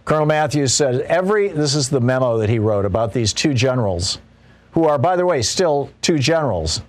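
This political talk show host has a mid-range voice that swings widely in pitch and moves fairly quickly. His commentary is casual, full of restarts and mocking impressions of quoted voices.

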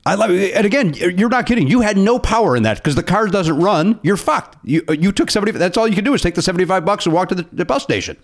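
A man's voice: sits high, expressive, fast, few pauses. A man hosting a casual interview, joking along and swearing casually. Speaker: podcast host.

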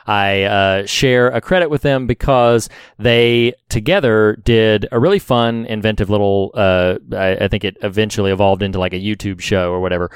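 A man co-hosting a podcast in casual chat, measured and pausing often with "uh". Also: fairly low pitch, clear, resonant tone, no echo. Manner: measured, with many "uh" pauses. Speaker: podcast co-host.

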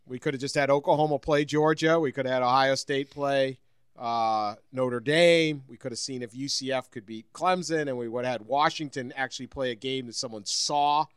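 A man co-hosting a sports podcast, telling lively stories in casual chat and laughing often. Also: mid-range voice, moderate pace, clean tone, dry recording, clean studio sound. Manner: animated storyteller, laughs often.

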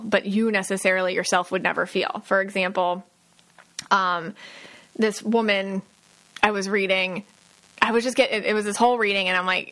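Bright-voiced chatty woman podcaster. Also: mid-range voice. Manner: chatty, lots of fillers and quoted asides. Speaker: podcast host, psychic medium. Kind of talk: casual solo podcast talk.

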